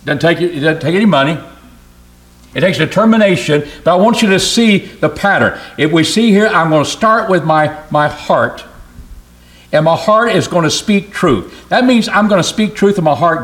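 A man's voice: on the high side, expressive, moderate pace, a bit bright. A man preaching a sermon in an earnest, emphatic way, often repeating phrases.

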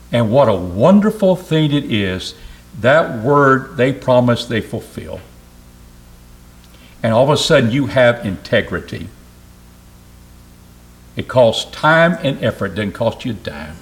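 A man preaching a sermon in an earnest, emphatic way, often repeating phrases. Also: mid-range voice.

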